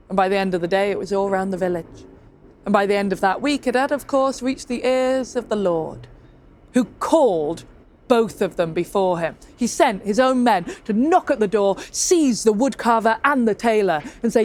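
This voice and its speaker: A woman telling a folk tale aloud, playful and lively, with asides to the listener. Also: medium pitch, normal speed. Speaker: storyteller. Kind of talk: oral storytelling.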